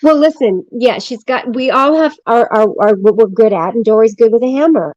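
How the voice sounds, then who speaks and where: A woman's voice: on the high side, normal speed, few pauses, a little mellow, no echo, highs cut off. A woman from the US West Coast chatting as a livestream guest, bubbly and jokey, laughing often. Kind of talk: casual live-stream chat.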